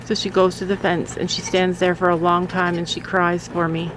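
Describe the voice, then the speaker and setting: With goats bleating and farm noise all around, a woman vlogs outdoors, tending her goats, coaxing them along and chatting to her viewers. Her voice is lowish and flat, at a moderate pace.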